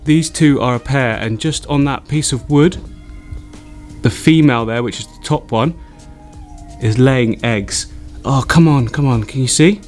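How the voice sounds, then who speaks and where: A man vlogging about his aquarium, excitable and chatty, laughing often between remarks. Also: medium pitch, measured pace, long pauses, soft background music. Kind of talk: excited casual vlog narration.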